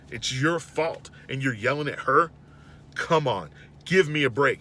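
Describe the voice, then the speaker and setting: A host tells an exasperated everyday story in a casual monologue on his show, animated and building to rising outbursts. He speaks at medium pitch and normal speed, with slight background noise.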